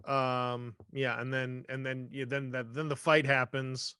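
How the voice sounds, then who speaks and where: A man's voice: mid-range voice, flat delivery, a little slow, sharp tone, smooth, dry recording, studio quality. A man co-hosting a podcast, chatting casually about a film, full of fillers and offhand quotes. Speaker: podcast co-host. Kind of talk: casual movie discussion.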